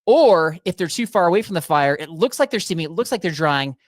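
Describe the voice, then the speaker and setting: A man's voice: a little high, expressive, fairly quick, no echo, clean studio sound. A man co-hosting a casual backpacking chat, steering the topics and reading out segments. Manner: steers the talk, reads out segments. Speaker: podcast co-host.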